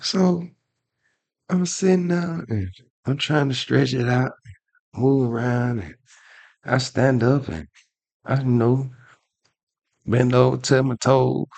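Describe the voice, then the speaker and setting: A man's voice: mid-range voice, fairly even intonation, slow pace, creaky, pauses often, a little mellow, husky, no echo. A man co-hosting a podcast, telling a rambling, profane story in casual chat with lots of restarts. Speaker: podcast co-host.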